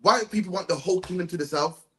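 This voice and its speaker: A high-pitched man, lecturing at a bible study. He speaks emphatically and keeps tagging his points with "man". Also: fast talker, sharp tone, soft background music. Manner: emphatic, tags sentences with "man". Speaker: religious teacher.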